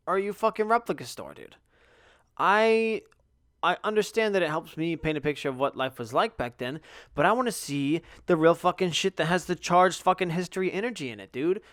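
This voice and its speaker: A man's voice: a little high, fairly bright tone, no echo, studio quality. A young man hosting a podcast, telling a rambling, profanity-heavy story in a casual way. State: yawning, tired. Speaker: podcast host.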